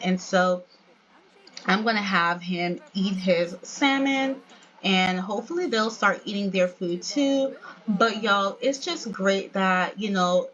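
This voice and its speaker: Chatty woman hosting a let's play, mid-pitched voice, slightly muffled home recording. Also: a bit bright. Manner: chatty, keeps addressing viewers as "y'all". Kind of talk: casual gameplay narration.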